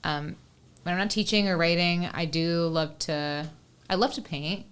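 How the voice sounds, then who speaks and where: A woman's voice: fairly low pitch, a little slow, a bit bright, smooth. A woman in her twenties, a guest musician, chatting casually and thoughtfully in an interview, often saying "like" and "whatnot.". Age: 20s. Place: Los Angeles.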